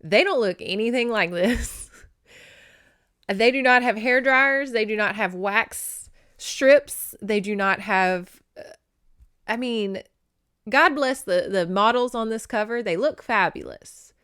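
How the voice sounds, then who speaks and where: A woman's voice: a little high, slow pace, a bit bright, clear, resonant tone. A woman hosting a casual book-review podcast, chatty and laughing often. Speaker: podcast host reviewing a novel. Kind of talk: casual chat.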